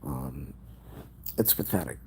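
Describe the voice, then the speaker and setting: A grieving man telling a personal story in a vlog, emotional and halting, at times dropping into a whisper. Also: extremely low pitch, animated, mellow, slight background noise. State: grieving, on the edge of tears.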